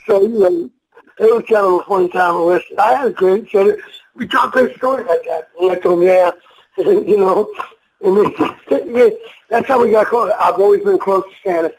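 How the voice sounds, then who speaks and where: A man's voice: sits high, unhurried, slight background noise, low-quality recording. An older man, a retired wrestler, telling rambling, profane, emotional stories in a casual interview. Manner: rambling, profane, emotional storyteller who acts out voices.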